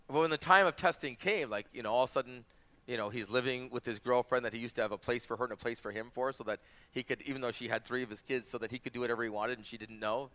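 A man's voice: medium pitch, quick pace, bright, forceful tone. A man in his forties, a pastor, preaching a sermon in a conversational way, with asides and quoted dialogue. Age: 40s.

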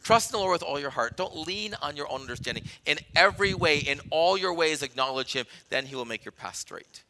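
Male preacher, very bright cutting tone, emphatic sermon delivery with quoted anecdotes. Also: on the high side, expressive, brisk, slight background noise. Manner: emphatic and repetitive, swinging from loud to hushed; retells meetings with quoted dialogue. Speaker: pastor.

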